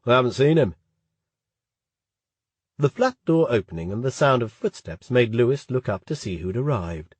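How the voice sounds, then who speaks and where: A man narrating an audiobook in a steady, even reading on a close mic. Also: medium pitch, a little fast, few pauses, breathy edge, no room sound. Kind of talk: scripted narration.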